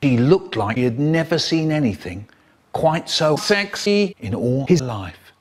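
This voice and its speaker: A man telling a comic story with animated, exaggerated expressive delivery. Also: medium pitch, measured pace.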